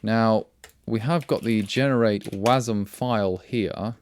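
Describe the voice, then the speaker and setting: Taking it slowly, a man with a fairly low pitch hosts a casual live coding chat. His delivery is rambling and wry, and he often breaks off mid-word only to start over.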